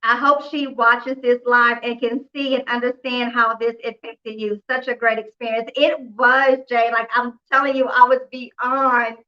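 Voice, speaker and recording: A woman hosting a couponing live stream, telling a story in a chatty, animated way, acting out the dialogue and laughing often. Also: a little high, unhurried, hardly any pauses, highs cut off. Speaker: couponing livestream host. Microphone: phone or computer mic on a live stream.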